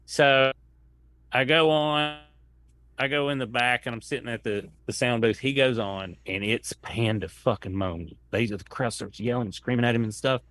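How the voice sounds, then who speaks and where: A comedian telling a long rambling anecdote in casual chat, acting out what people said. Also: male voice, medium pitch, moderate pace, a bit bright. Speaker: comedian guest.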